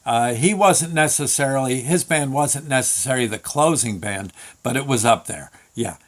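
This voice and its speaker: A man's voice: mid-range voice, expressive, moderate pace. A man hosting a show, telling a story in a casual, rambling way with many restarts and fillers. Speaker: show host.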